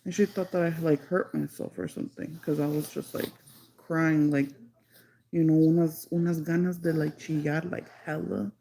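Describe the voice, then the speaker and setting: Her voice sits low and gravelly with a warm tone and little pitch movement, captured on a low-quality recording with slight background noise. Telling a story casually on a livestream, the woman rambles, peppers her speech with "like," switches into Spanish, and lingers slowly over phrases she wants to stress.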